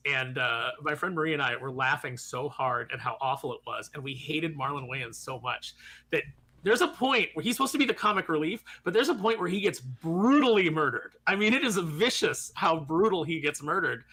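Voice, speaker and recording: A man's voice: a little high, lively intonation, fairly quick, sharp tone, breathy edge. A man co-hosting a pop culture podcast, telling stories bluntly in casual chat. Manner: emphatic, blunt storyteller. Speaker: podcast co-host.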